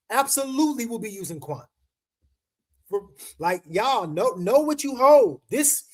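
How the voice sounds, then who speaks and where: Man, high voice, livestream host, casual chat, slangy, emphatic, repeats himself. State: emotional, choked up.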